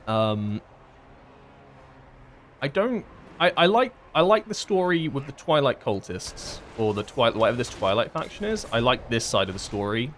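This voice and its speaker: A man's voice: medium pitch, big pitch swings, normal speed, a bit bright, a little hiss or hum. A man streaming a game and explaining mechanics in a casual, rambling way with lots of fillers. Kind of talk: casual gameplay commentary.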